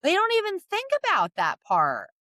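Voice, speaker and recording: Woman, podcast co-host, casual chat, agreeable, lively, dry mic. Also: extremely high pitch, moderate pace, no echo. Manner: frequent agreeing backchannels, lively.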